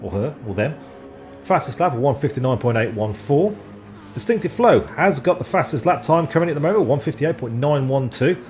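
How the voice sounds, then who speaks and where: A man giving live, rambling commentary on an online sim race, excitable and often stumbling over driver names. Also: medium pitch, brisk, faint music behind.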